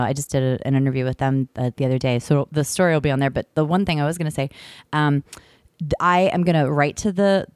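A woman with a low voice tells a long story to her co-host. She rambles and restarts, piling up fillers as she goes, and she is recorded close and dry. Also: a little mellow, no echo. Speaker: podcast host. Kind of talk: casual chat. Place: in the UK, visiting family.

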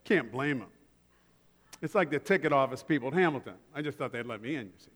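A man's voice: medium pitch, animated, quick pace, a bit bright, big-room sound. A male pastor preaching a sermon in a conversational way, mixing humorous everyday stories into his points.

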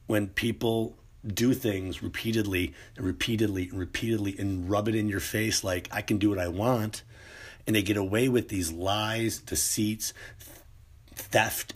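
Husky, slow-talking man ranting. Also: fairly low pitch. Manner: rambling, profane, with many restarts and fillers. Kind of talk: casual monologue rant.

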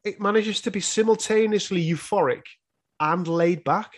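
Man in his 30s, slightly high voice, relaxed chatty co-host who swears and laughs a lot. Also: moderate pace. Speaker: podcast co-host. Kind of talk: casual chat reviewing an album.

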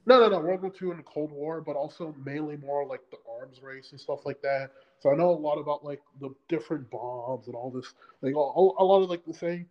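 A man's voice: fairly high pitch, a little fast, hardly any pauses, highs cut off. A man co-hosting a podcast in casual chat, rambling with many fillers and restarts. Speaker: podcast co-host.

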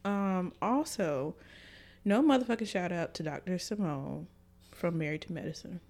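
A woman co-hosting a casual podcast, telling a story with lively energy and plenty of swearing. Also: lowish voice, normal speed. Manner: animated storytelling, swears freely. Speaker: podcast co-host. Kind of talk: casual chat.

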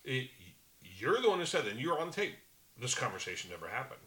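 A man co-hosting a casual political podcast, animated and quick to laugh. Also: medium pitch. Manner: animated, laughs often, swears. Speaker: podcast co-host.

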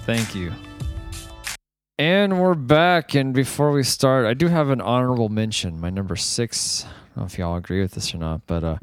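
A man's voice: medium pitch, no echo. A man co-hosting a casual movie review podcast, joking and laughing often. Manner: jokey, animated, laughs often. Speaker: podcast co-host.

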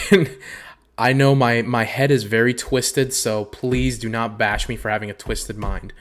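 A man's voice: medium pitch, measured pace. A young man hosting a podcast, reading dating bios aloud and riffing on them with profanity and frequent laughter. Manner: profane, animated, laughs a lot. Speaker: podcast host. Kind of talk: casual comedic commentary.

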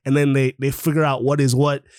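Animated man retelling a story, dry sound. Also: medium pitch, a little fast, no room sound. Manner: animated, swears freely, acts out characters' lines. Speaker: podcast host. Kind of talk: casual retelling of a comic book plot. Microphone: online call.

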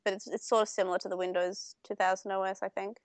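A young woman co-hosts a casual podcast, walking through an episode at length. She talks in a chatty way, full of fillers and restarts, at an ordinary middle pitch. Her voice is recorded dry and close to the mic. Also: flat delivery, quick pace, no room sound. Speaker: podcast co-host. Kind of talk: casual chat comparing anime versions.

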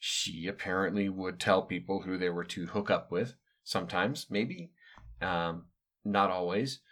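A man's voice: sits low, a little slow, a bit bright. A middle-aged man from the United States telling a story in a casual monologue, wry and digressive, with offhand asides and hesitant fillers. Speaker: podcast host recounting his upbringing.

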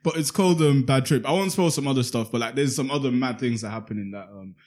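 Young guy, brisk and lively, lots of slang, recounts at length. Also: mid-range voice. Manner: animated storytelling with heavy slang. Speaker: podcast co-host. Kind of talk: casual chat.

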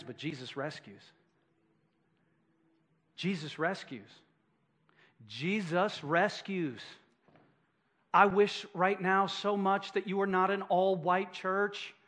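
High-voiced man preaching with emphatic repetition. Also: a bit bright. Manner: emphatic, repeats phrases for effect. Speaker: pastor. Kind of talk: sermon.

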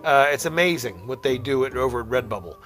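A man's voice: mid-range voice, lively intonation, fast talker, a bit bright, faint music behind. A man hosting a casual call-in radio show, chatty and rambling, laughing often as he talks.

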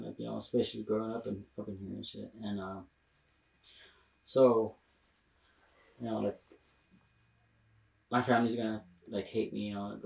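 Gravelly young man, roomy off-mic sound. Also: fairly low pitch, distant mic. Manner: rambling with many fillers, slangy and profane. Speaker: podcast co-host. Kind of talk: casual podcast chat.

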